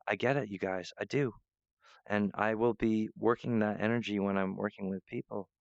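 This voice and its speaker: Gravelly low-voiced man rambling to camera. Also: fairly even intonation, moderate pace, dry recording, highs cut off. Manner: meandering, restarts often, apologetic asides. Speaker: vlogger.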